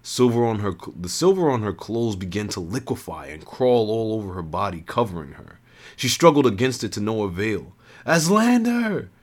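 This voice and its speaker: A man reads a first-person adventure story aloud in an earnest tone. His voice sits on the low side, and he often restarts and repeats lines as he goes. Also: animated, a little fast, darkish tone. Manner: earnest, with frequent restarts and rereads.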